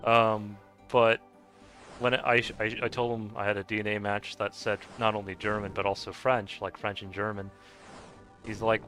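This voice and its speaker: A man rambles through a casual chat while he games, his voice low-pitched yet bright and clear. He meanders and restarts his sentences and fills them with little verbal pauses. Soft game music plays faintly underneath. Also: fairly even intonation. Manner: meandering, heavy with fillers and restarts. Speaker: gamer chatting while playing.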